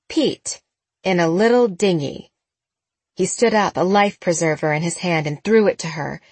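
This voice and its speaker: A woman narrating a novel as an audiobook, in a steady, even storytelling manner. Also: medium pitch, husky, no echo. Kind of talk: scripted narration.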